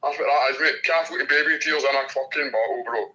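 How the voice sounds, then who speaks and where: A man with a Scottish accent in a casual video chat, talking loudly and crudely, taunting and swearing constantly. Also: mid-range voice, fast talker, dull audio.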